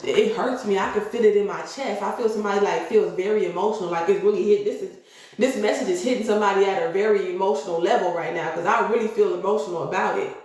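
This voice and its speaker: Woman tarot reader on a live stream, preachy and emphatic, mid-pitched, very echoey room. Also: quick pace, a little mellow. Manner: preachy, emphatic, repeats "okay?" to the audience.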